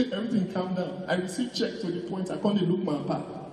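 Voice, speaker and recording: A man's voice: high voice, expressive, normal speed, heavy background noise. A man with a Nigerian accent doing a stand-up comedy routine, slipping into Pidgin and acting out mourners. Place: large venue on stage. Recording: echoey hall, distant mic.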